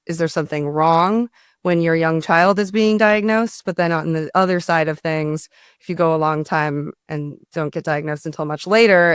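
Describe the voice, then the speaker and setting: Thoughtful podcast host, smooth clear voice, lots of likes and ums, dry sound. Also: mid-range voice, fairly bright tone, dry recording. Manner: thoughtful, reflective, with frequent fillers. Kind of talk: casual interview talk.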